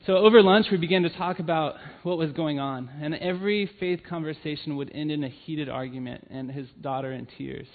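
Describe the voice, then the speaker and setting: A man's slightly high voice runs a little fast with few pauses, sounding tinny as if over a phone. He's a church family ministry leader giving a sermon, telling personal stories earnestly and often filling gaps with "um."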